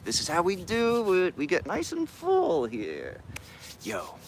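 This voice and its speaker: A man's voice: high-pitched, huge pitch swings, slow pace, slight background noise. A man hosting a live morning affirmation stream, talking in laid-back slang and greeting chat viewers by name. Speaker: livestream host.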